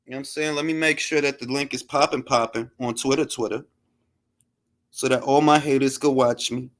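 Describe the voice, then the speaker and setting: A man's voice: mid-range voice, a little fast, a bit bright. A man hosting a live boxing talk stream, brash and full of slang and trash talk. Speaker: boxing talk show host. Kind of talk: casual live-stream chat.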